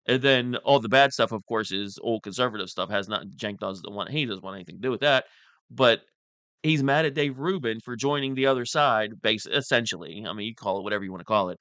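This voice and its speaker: Joking, bright-voiced male commentator. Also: medium pitch, lively intonation, fairly quick, dry recording. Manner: loose and joking, laughs a lot, mocking impressions. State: a little stoned and nasal. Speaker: commentary streamer. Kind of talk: casual reaction commentary.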